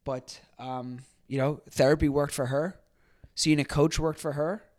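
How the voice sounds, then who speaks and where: Male podcast host, slightly higher pitch, loose conversational delivery full of fillers and restarts. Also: fairly even intonation, unhurried, a little mellow. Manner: acts out quoted people in a livelier voice. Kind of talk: casual solo commentary.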